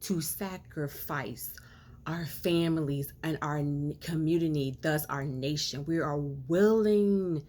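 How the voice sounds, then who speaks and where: A woman's voice: deep voice, takes it slowly, a little mellow. A woman giving an impassioned monologue to camera, earnest and preachy, piling up rhetorical questions and stretching out words for emphasis. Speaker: social commentator.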